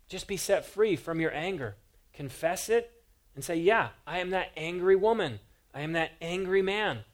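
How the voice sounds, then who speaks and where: Earnest preaching man, slightly high voice. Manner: earnest, emphatic, rhetorical questions. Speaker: pastor. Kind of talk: sermon.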